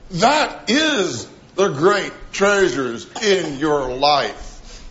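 A middle-aged man preaching a sermon, animated, acting out quoted voices and dropping to a soft voice for emphasis. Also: mid-range voice, highs cut off.

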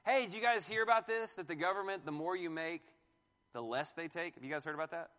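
A man with a high, bright voice preaches to a class in an animated way, firing questions at the room and slipping in jokes. His voice rings through a hall with a long echo. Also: quick pace. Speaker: pastor teaching a marriage class. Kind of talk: sermon-style Bible teaching.

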